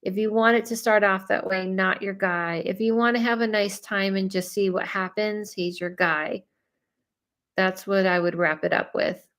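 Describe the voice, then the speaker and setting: A woman, giving a relaxed live psychic reading. She talks in a loose, chatty way, full of "like" and "you know", and addresses the people she reads for directly. Her voice sits in an ordinary middle range for a woman. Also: medium pitch, moderate pace. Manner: chatty, many fillers, talks straight to viewers. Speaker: psychic medium. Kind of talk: live reading, casual chat.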